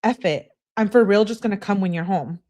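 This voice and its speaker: A woman's voice: mid-range voice, a little fast, darkish tone, lightly acted. A woman reading aloud the text messages of a pushy young woman to her boyfriend, in a demanding tone, with curse words spelled out as letters.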